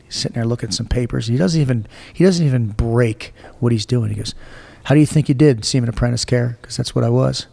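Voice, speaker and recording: A gravelly man in his forties tells his life story bluntly, swearing freely. His voice has a rough edge and trails off into a long reverb. He sounds animated and plain-spoken. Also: mid-range voice, quick pace, hardly any pauses. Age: 40s. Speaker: guest. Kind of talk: casual storytelling interview.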